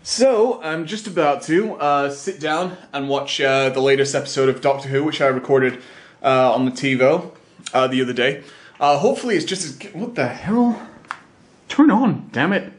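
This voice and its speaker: A man's voice: medium pitch, moderate pace, slight background noise. Rambling man chatting on a home vlog. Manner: rambling, full of uh and um. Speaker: vlogger. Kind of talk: casual chat.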